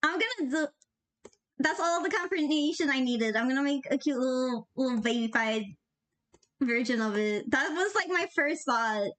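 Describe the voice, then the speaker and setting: A woman's voice: high-pitched, normal speed, fairly bright tone. A young woman animating on a live stream, chatting casually in a bubbly, giggly, slangy way and reading chat aloud. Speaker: animator streaming while drawing.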